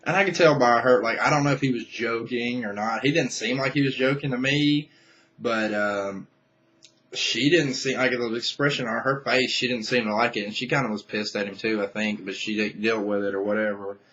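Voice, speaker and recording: A man's voice: medium pitch, steady tone, normal speed, a bit bright, dull audio. A young man venting to camera in a casual vlog rant, angry and profane, rambling with many restarts. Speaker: vlogger.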